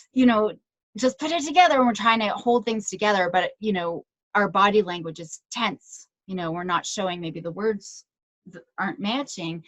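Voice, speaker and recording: A woman's voice: mid-range voice, a bit bright, dry recording. Chatty woman speaker, dry sound. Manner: conversational, tag questions and personal anecdotes. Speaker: child psychologist giving a talk to parents. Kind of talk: presentation to parents.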